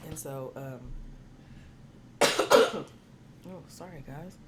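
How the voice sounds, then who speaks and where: A young adult woman vlogger telling a personal story in a casual, animated way, often saying "y'all" to her listeners. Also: a bass voice, very slow, a little hiss or hum.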